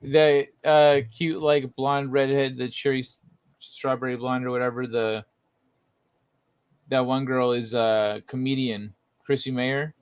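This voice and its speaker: A man's voice: mid-range voice, a little slow, smooth, dry recording. Laid-back man on a dry mic. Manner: relaxed, trailing off with fillers. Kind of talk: casual chat.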